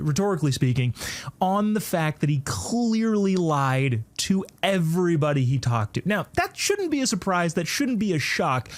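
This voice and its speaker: A talk show host delivers a sarcastic monologue of political commentary, peppered with mocking asides and told conversationally with many restarts. The voice is mid-range.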